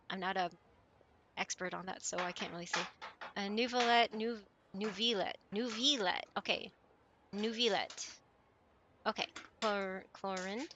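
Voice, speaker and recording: A woman's voice: mid-range voice, sharp tone. A woman from the United States streaming live, chatting casually and reading viewer messages aloud, laughing often and stumbling over names. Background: faint music.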